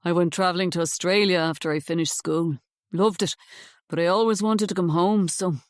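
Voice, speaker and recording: A woman voicing a kind young male police officer, soft-spoken and sympathetic, in an audiobook reading. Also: fairly low pitch, steady tone, a little fast, no room sound, close to an everyday voice. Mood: easygoing. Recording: dry close studio sound.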